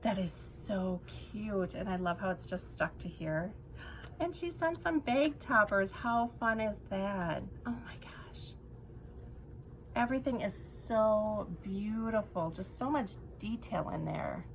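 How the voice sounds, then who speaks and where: A woman vlogger gushing her way through unboxing handmade craft swap items, often dropping to soft whispers. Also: mid-range voice, big pitch swings, measured pace, gravelly, slight background noise, low-quality recording. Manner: gushing, breathless with delight, drops to soft whispers. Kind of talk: casual unboxing chat.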